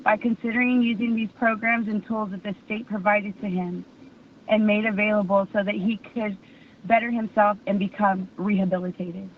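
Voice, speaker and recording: A woman's voice: medium pitch, flat delivery, moderate pace, slight background noise. A woman reading an earnest statement at a parole hearing, with some hesitant fillers. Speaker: public commenter at parole hearing. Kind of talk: read public statement. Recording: tinny distant phone line.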